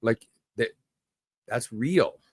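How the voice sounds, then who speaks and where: A man's voice: medium pitch, expressive, extremely slow, slightly rough, dry recording, studio quality. A man appearing as a podcast guest, a brewery owner, talking earnestly and reflectively in casual chat.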